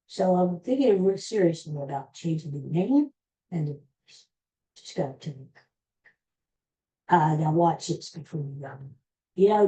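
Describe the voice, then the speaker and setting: A woman hosting a podcast, chatting casually in an excitable, rambling way. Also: on the low side, rough recording. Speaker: podcast host. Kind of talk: casual rambling chat to camera.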